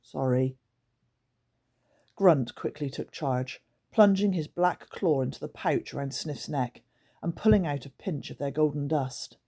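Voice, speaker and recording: Woman narrator for a children's audiobook, low, husky, storytelling delivery. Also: moderate pace. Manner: storytelling, expressive reading. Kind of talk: reading a children's book aloud.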